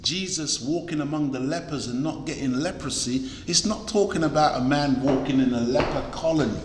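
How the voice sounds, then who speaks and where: A man's voice: on the high side, brisk, noisy background. A man preaching a sermon to a congregation, emphatic and exhorting, repeating key words for stress. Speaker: preacher, lecturer. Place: large echoey hall. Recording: echoey hall with long reverb.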